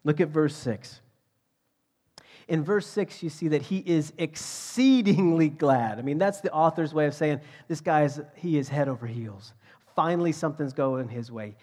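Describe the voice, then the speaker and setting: Preacher with loud and whispered swings. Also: male voice, a little high, moderate pace. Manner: dynamic, swings from loud emphasis to hushed whispers. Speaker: pastor. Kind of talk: sermon.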